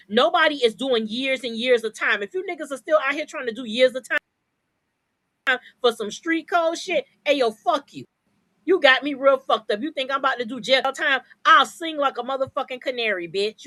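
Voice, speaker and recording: Woman podcast cohost going off, bright high voice, dry, cussing a lot, aave. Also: no room sound. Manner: profane, blunt, fired-up ranting. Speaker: podcast co-host. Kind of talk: heated podcast rant.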